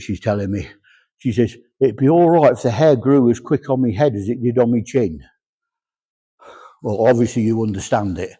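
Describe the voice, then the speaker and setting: A man's voice: lowish voice, dark tone, breathy edge. A man, working as a medium at a church service, relaying spirit messages with chatty humor and quoted voices.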